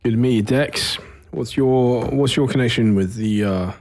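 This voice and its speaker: A man's voice: mid-range voice, moderate pace, a little mellow. A man with a mid-range voice playing a tabletop game. He talks bluntly and jokingly, swearing casually. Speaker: player. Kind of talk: tabletop game role-play chat.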